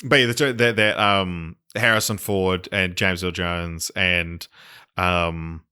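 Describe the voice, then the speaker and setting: A low-pitched man in casual podcast chat. His tone is bright and forward despite the depth. He rambles, swears, and restarts often. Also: steady tone, slow pace, clean tone. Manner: rambling, profane, many fillers and restarts. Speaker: podcast co-host.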